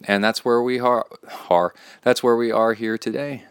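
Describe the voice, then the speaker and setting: A man's voice: mid-range voice, steady tone, normal speed, clear, resonant tone, no room sound, studio quality. A man hosting his own podcast in a casual, rambling solo talk, reading a listener's email aloud into his phone. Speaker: podcast host.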